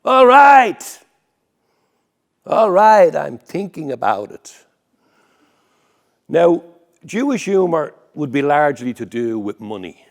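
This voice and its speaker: A man's voice: mid-range voice, a little mellow. A man with a Dublin accent telling comic stories on stage in a wry, conversational way. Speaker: storyteller. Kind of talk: comic storytelling performance.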